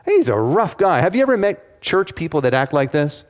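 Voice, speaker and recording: This preacher's slightly high voice has a sing-song quality at normal speed as he quizzes the congregation and gives emphatic retellings. Long reverb from the hall fills the recording.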